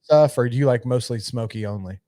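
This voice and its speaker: Podcast co-host, male, mid pitch, casual rambling delivery with swearing, dry close mic. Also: brisk, mellow, dry recording. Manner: laid-back, profane, rambling with fillers. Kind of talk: casual chat.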